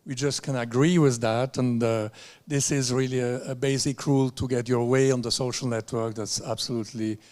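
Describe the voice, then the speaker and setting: Moderator: man, mid-pitched, polite, slightly halting, hall reverb around him. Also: fairly even intonation, darkish tone. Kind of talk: press conference moderation. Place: press club conference room. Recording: echoey hall.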